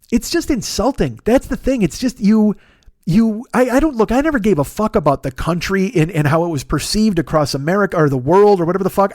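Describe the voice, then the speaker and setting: High-voiced man ranting, dry close mic. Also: darkish tone, no room sound. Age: 40s. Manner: profane, exasperated ranting. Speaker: podcast host. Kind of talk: solo comedic rant.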